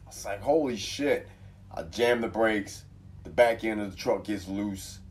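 A man's voice: fairly low pitch, unhurried. Guy telling a crazy story, cussing a lot, acting out voices, kinda far from the mic. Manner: animated, profane storyteller acting out quotes. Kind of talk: casual chat, storytelling.

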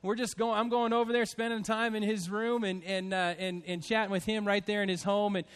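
High-pitched pastor guy, 50s, choked up, heartfelt halting talk to his church. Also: flat delivery, clear, resonant tone. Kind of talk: church address to congregation.

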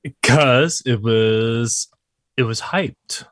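A man's voice: mid-range voice, very slow, a bit bright, dry recording, clean studio sound. A man co-hosting a casual podcast, giving blunt, candid opinions. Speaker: podcast co-host. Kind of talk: casual chat.

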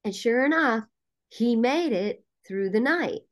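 A woman guest on a podcast interview, a casting director and producer telling a story in a lively way with frequent "um" fillers. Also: a little high, measured pace.

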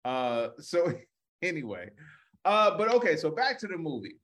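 Male comic co-host, slightly raised pitch, easygoing and laughing a lot. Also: sing-song, normal speed, fairly bright tone. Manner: jokey, laughs often. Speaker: comedian podcast co-host. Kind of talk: casual comedic chat.

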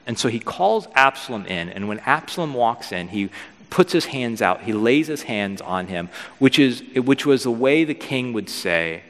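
A man preaching a casual, storytelling sermon as pastor, lively and acting out figures in modern slang. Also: mid-range voice, moderate pace. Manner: animated, acts out biblical figures with modern slang. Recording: long hall reverb.

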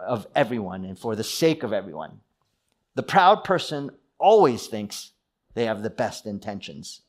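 Guy pastor giving a sermon, mid-pitched voice, earnest, asks lots of questions. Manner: earnest, with personal anecdotes and rhetorical questions.

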